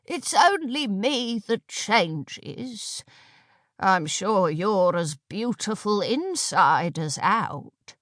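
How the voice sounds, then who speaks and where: A woman voicing a very old, sly witch who speaks in a rasping, wheezy voice, slow and knowing, in an audiobook. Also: mid-range voice, sing-song, fairly bright tone, no room sound, studio quality, heavily acted. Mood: sly, croaking. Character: ancient wheezing female witch, sly and unhurried. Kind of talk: audiobook character voice.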